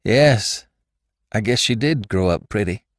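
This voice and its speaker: A man's voice: lowish voice, very animated, slow, creaky, no room sound, studio quality, pitched above the performer's own voice, full character voice. A man voicing a timid, anxious rural wife who answers in a faltering, trembling voice.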